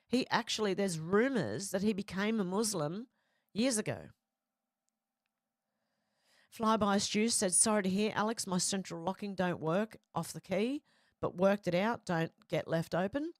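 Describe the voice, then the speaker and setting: This middle-aged woman speaks at medium pitch, recorded in studio quality without echo. Hosting a relaxed live chat, she reads out viewers' comments and responds with frequent laughter.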